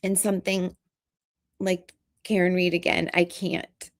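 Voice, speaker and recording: A woman vlogger talking in an earnest, halting, emotional way in casual commentary. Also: fairly low pitch, flat delivery.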